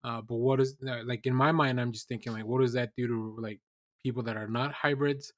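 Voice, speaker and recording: A man talking casually as a podcast co-host, stopping and restarting his sentences often. His pitch is mid-range. The recording is dry and close-miked. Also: steady tone, no echo. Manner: halting, many restarts and fillers. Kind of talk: casual recap chat.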